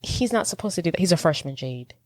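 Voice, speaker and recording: A woman's voice: lowish voice, expressive, fast, dry recording. A woman co-hosting a podcast, chatting casually about a movie, agreeing and adding her own opinions. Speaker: podcast co-host. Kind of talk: casual movie recap chat.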